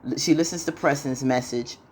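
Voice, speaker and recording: A woman casually recapping a TV episode, telling it as an animated story full of slang and "you know.". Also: a bass voice, brisk, a little hiss or hum. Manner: animated storytelling, slips into character voices. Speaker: TV recap vlogger.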